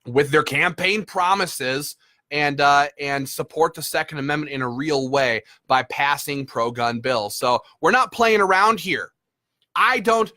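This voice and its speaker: A man's voice: on the high side, bright, forceful tone. A man leading a gun rights group, giving combative, emphatic political commentary with frequent fillers like "uh".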